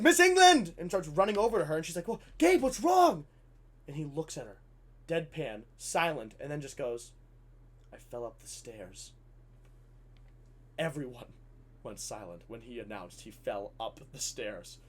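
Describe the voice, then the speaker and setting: A man telling a comedic story in a casual, animated way, swearing freely. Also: on the high side.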